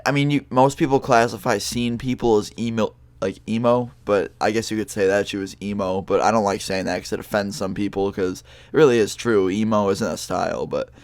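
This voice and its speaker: Rambling young man with a low voice. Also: fairly even intonation, brisk, few pauses, a little mellow, no echo. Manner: rambling, loose, heavy on fillers and swearing. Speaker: vlogger telling a story. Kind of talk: casual storytime monologue.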